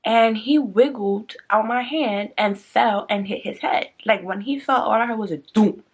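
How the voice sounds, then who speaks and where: A woman vlogger ranting casually to her viewers in a blunt, slangy, chatty way, her pitch jumping up whenever she gets excited. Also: measured pace, slightly rough. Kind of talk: casual rant to camera.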